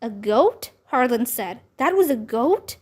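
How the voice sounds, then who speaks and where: A woman voicing a small, anxious young boy in a children's book read-aloud, asking worried questions in a squeaky voice. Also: very animated, a little slow, husky, heavily acted. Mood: alarmed.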